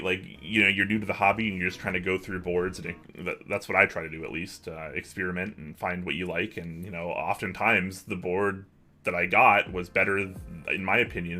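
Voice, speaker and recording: A young man runs a relaxed livestream from his home office, talking casually and replying to messages from viewers. His voice sits low with a sharp edge.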